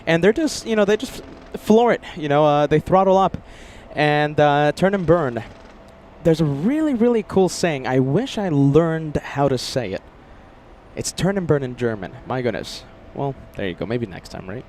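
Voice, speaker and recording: A man hosting a live plane-spotting stream outdoors near a runway, chatty and excitable, rambling as he reads chat aloud. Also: on the high side, normal speed, a little hiss or hum. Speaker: plane-spotting livestream host.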